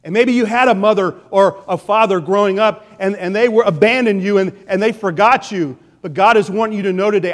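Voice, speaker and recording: A man preaches with passion, his voice rising loud and then dropping to a hush. He speaks in a high register. The sound rings with the long reverb of a big hall. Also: fairly quick, few pauses. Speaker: pastor. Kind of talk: sermon.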